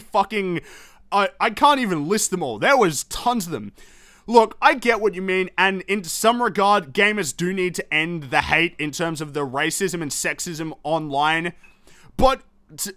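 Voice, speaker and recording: Young guy ranting about games, high sharp voice, swears a lot, dry close sound. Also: dry recording. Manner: heated, profane, exasperated. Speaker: gaming news show host. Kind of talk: opinionated commentary rant.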